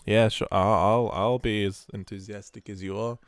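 A man with a fairly low voice narrates his gameplay in a loose, rambling way, dropping casual swear words. He sounds sleepy and keeps yawning between remarks. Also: steady tone, moderate pace, dry recording. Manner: rambling, swears freely, self-mocking. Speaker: gameplay commentator. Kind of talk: casual let's-play commentary.

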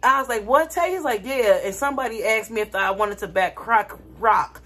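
Speaking a little fast in a mid-range voice, this vlogger chats casually with her audience. She tells a dramatic story with lots of energy, full of animation and laughter.

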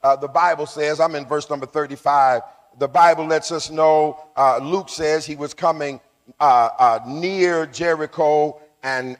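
A man with a high voice preaches a sermon in a church, and a long reverb trails his words around the hall. He calls on the congregation to answer him back and rises into shouts as he goes. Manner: call-and-response preaching, building to shouts. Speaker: pastor. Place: church sanctuary.

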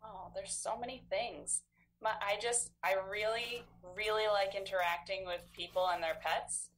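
A woman in her thirties, an animal control officer, answering interview questions in a friendly, measured way. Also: mid-range voice, steady tone, fairly bright tone, a little hiss or hum, rough recording. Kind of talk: casual interview chat.

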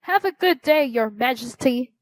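A woman voicing a clever, polite young male frog in a storybook, speaking calmly and matter-of-factly. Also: high-pitched, moderate pace, no echo, pitched above the performer's own voice.

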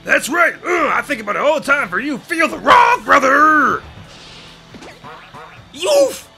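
A brash, blustering bird wrestling champ from a video game, as a man puts him on. He shouts his taunts in a bright, raised voice. Faint game music plays behind. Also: very high voice, sing-song, measured pace, gravelly, pitched above the performer's own voice, exaggerated voice. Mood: taunting. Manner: shouting trash talk, blustering. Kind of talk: let's play character reading.

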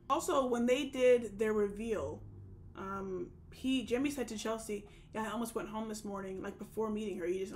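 A young woman chatting casually as she recaps a show, with lots of fillers and restarts. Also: medium pitch. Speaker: recap vlogger. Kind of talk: casual reality TV recap chat.

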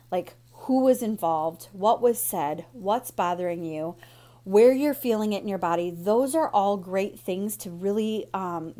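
A woman's voice: medium pitch, darkish tone. A woman emotion coach talking the viewer through a tapping routine in an encouraging, direct way. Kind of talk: instructional talk guiding tapping.

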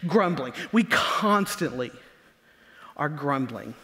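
High-pitched preacher in a reverberant church. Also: male voice, sing-song, fairly bright tone. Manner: emphatic preaching with slow drawn-out stresses; acts out grumbling complainers in a low mutter. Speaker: pastor. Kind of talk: sermon. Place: church sanctuary. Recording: long church hall reverb.

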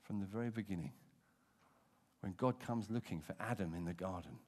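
A middle-aged British man preaching a sermon in a church, dramatic and expressive, moving from hushed asides to emphatic points. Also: sits low, a little fast. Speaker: pastor. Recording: long reverb of a church hall.

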